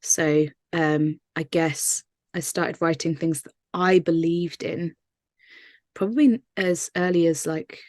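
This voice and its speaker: Woman singer-songwriter, low flat delivery, thoughtful and earnest, dry recording. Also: slow, no echo. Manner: earnest, thoughtful, many fillers and restarts. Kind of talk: casual interview answers.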